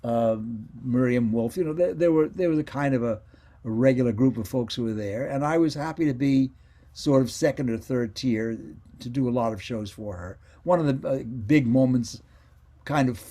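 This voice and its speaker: A man's voice: mid-range voice, normal speed, warm tone. Older man reminiscing over a video call. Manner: meandering, self-correcting storyteller. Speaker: interview guest, former child radio actor. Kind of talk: casual reminiscing interview.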